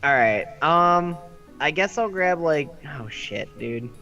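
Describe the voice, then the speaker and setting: A man's voice: on the high side, expressive, slow pace, sharp tone, lo-fi sound, soft background music. A man playing a tabletop game, asking questions hesitantly with many fillers. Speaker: player. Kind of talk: casual tabletop game chat.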